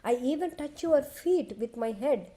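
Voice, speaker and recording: A woman's voice: high voice, lively intonation, measured pace, mellow. A woman voicing a grieving old king who asks anguished, pleading questions as she retells scripture. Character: grieving old king, bewildered then furious. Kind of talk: recounting scripture.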